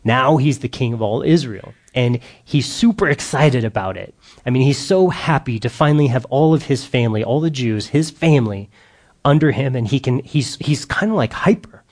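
A man giving an informal sermon to a group, telling a Bible story in a lively, slangy, casual way. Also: medium pitch, normal speed.

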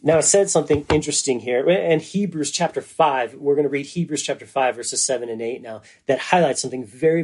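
Male preacher, earnest and emphatic sermon delivery, relaxed dark tone. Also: fairly high pitch. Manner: earnest, emphatic, with slow stressed phrases.

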